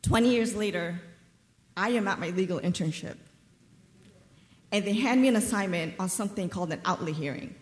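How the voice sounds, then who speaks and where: A woman in her thirties from New York telling a personal story on a theater stage, measured and wryly funny. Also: mid-range voice. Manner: wry, measured storytelling with dry humor. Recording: roomy theater reverb.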